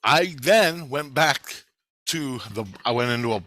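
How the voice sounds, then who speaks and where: A man telling a long story in a casual vlog, rambling, animated and profane. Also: mid-range voice, unhurried, dry recording.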